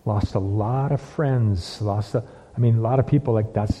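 A man's voice: fairly low pitch, normal speed, dark tone. A man preaching a sermon, full of repeated phrases and rhetorical questions. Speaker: pastor. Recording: dull lo-fi with long hall reverb.

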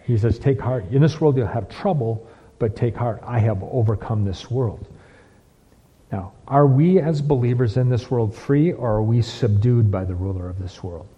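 A man's voice: medium pitch, normal speed, husky. Preaching man in a reverberant hall. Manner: preaching with heavy repetition and rhetorical questions. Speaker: pastor. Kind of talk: sermon. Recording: dull lo-fi with long hall reverb.

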